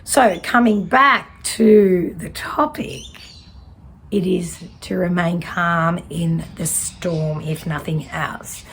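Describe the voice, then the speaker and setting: A woman's voice: on the low side, slow pace, a little hiss or hum. A woman, giving a casual tarot reading in a fiery, direct way. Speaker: tarot reader.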